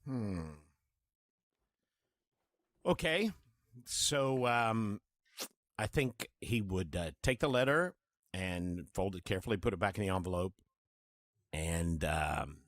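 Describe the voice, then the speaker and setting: A man's voice: deep voice, lively intonation, takes it slowly, pauses often, fairly bright tone, dry recording. A man playing a tabletop game, hesitant and full of fillers as he describes his actions. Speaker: player. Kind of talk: in-character tabletop banter.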